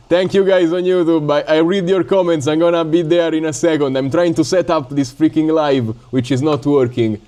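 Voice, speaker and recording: A man with an Italian accent talks casually on a drone-building livestream, stopping and restarting with fillers. His voice sits fairly high for a man but sounds dark and mellow. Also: fairly even intonation. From Italy. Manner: halting, with many fillers and laughs. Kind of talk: casual live-stream chat.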